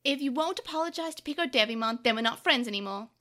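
A woman voicing a small storybook boy, high and piercing, bright-toned. his voice cracks between hurt shock and cold flat anger, stubborn and shrill, as a child pushed too far. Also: drawn-out words, exaggerated voice.

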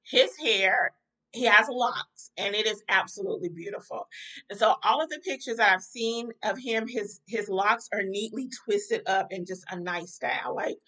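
A woman hosts a talk podcast, her mid-range voice bright and forceful at a moderate pace over a rough recording. She delivers fired-up, preachy commentary to a live chat, addressing her listeners directly as "y'all" in a casual way.

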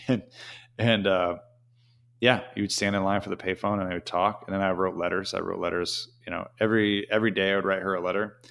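Deep-voiced guy rambling through a story, lots of you knows. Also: fairly bright tone, smooth. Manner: rambling, frequent "you know" fillers. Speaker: interview guest. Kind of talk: casual storytelling.

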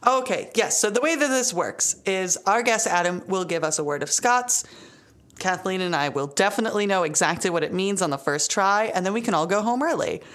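A woman's voice: mid-range voice, expressive, a little fast, a bit bright. Playful American woman hosting a podcast. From United States. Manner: playful, teasing. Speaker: podcast host. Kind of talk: casual chat.

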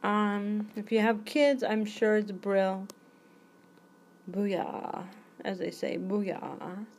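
A woman's voice: mid-range voice, little pitch movement, a little slow, a little mellow, slight background noise. A woman in her forties hosting her own podcast, chatting in a goofy, rambling way and jumping from topic to topic. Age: 40s. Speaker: podcast host. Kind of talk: rambling solo podcast chat.

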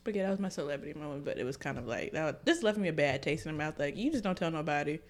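A woman co-hosting a casual podcast, telling a story with lively energy and plenty of swearing. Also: deep voice, rapid-fire. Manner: animated storytelling, swears freely. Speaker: podcast co-host. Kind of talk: casual chat.

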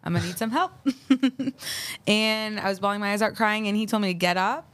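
A young adult woman speaking as a guest in a casual interview, chatty and quick to laugh, with many fillers. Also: medium pitch, a bit bright, dry recording. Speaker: podcast guest.

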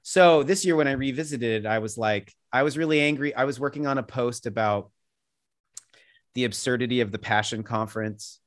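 Rambling, laughing male storyteller. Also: normal speed. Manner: rambling storyteller who drifts into tangents; acts out quoted people with jumps in pitch. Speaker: interview guest, artist. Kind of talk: casual podcast conversation.

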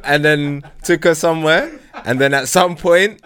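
A man talks casually on a podcast. His pitch moves widely as he teases his co-hosts and tells club stories in relaxed slang. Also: normal speed, few pauses, a crowd in the background. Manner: laid-back, teasing, London slang. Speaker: podcast co-host. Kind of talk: casual chat.

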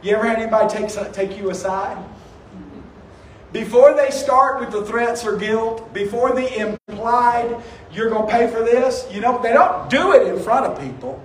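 High-pitched pastor preaching in an echoey hall. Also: male voice, moderate pace, recorded from a distance, slight background noise. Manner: animated preaching with acted-out quotes and rising emphasis. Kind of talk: sermon. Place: church sanctuary.

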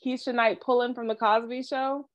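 A woman's voice: a little high, little pitch movement, normal speed. A woman in a casual podcast chat, talking with animation and acting out little quotes in character. She laughs often. Her recording sounds a little dull and lo-fi. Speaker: podcast co-host.

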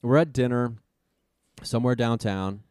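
A man's voice: medium pitch, measured pace, a little mellow, smooth, dry recording, clean studio sound. A man in his thirties telling a long, rambling, profane story in casual chat, self-deprecating and loose.

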